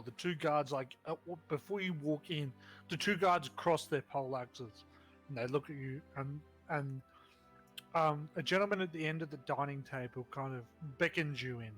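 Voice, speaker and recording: A man's voice: on the high side, fairly bright tone. A man running a tabletop role-play game as game master, narrating casually with loose, hesitant phrasing and some swearing.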